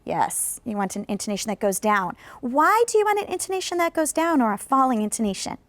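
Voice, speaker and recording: A woman teaching an English lesson in a scripted classroom style, encouraging viewers to answer and modeling sentences slowly for them to repeat. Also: a little high, big pitch swings, a bit bright, dry recording. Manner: slow, carefully drawn-out model sentences for repetition; encouraging, coaxes replies from viewers. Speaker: ESL teacher. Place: studio.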